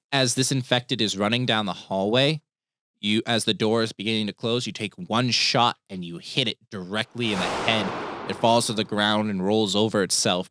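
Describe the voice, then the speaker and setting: A man narrating as game master of a tabletop horror game, with slow, drawn-out descriptions. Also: on the low side, noisy background.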